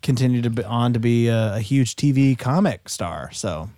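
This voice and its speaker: A man's voice: mid-range voice, lively intonation, moderate pace, warm tone, no room sound, clean studio sound. A man co-hosting a casual movie podcast, giving opinionated takes. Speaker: podcast co-host.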